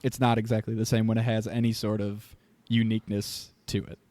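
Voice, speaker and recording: A man's voice: lowish voice, level tone, fairly quick, warm tone. A man hosting a podcast in casual chat, joking and laughing often. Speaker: podcast host.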